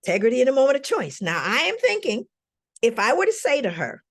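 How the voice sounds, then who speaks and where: Animated woman telling a story to an audience. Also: sits high, brisk, pauses often. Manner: animated, calls on the audience with questions. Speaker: scholar giving a talk. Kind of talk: storytelling lecture to a live audience.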